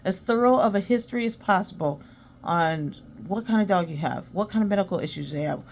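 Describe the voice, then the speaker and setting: A woman's voice: lowish voice, fairly quick, vocal fry, a little hiss or hum. A woman hosting a podcast, chatting casually and acting out both sides of her conversations, then giving earnest advice. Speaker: podcast host. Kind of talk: casual storytelling monologue.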